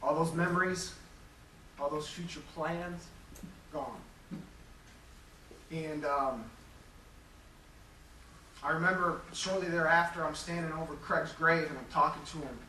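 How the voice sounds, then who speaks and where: A man's voice: on the high side, steady tone, a little slow, pauses often, pushed and bright. Man giving a speech in an echoey hall. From Metro Detroit, Michigan. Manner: storytelling, candid, self-deprecating. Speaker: Hall of Fame inductee. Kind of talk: acceptance speech with anecdotes. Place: large hall. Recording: echoey hall, distant mic, faint hum.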